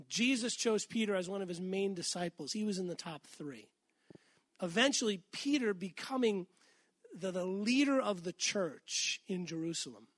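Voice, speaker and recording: A middle-aged man from Massachusetts preaching a conversational sermon, asking the congregation questions and slowing down when he reads scripture. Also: high-pitched, a bit bright, no room sound, clean studio sound. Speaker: pastor.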